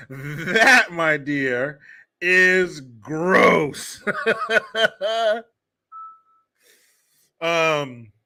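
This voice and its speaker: A man ranting through a profane, mocking political commentary on his livestream. His voice is bright and sharp and sits fairly high. His pitch swings widely as he mocks and jeers. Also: animated, extremely slow, pauses often. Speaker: host.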